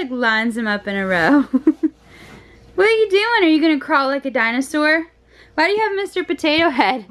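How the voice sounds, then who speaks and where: A woman's voice: high-pitched, a bit bright. A woman vlogging at home as a mom, chatting casually and using playful baby talk with her toddler, laughing often. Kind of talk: casual home vlog chat.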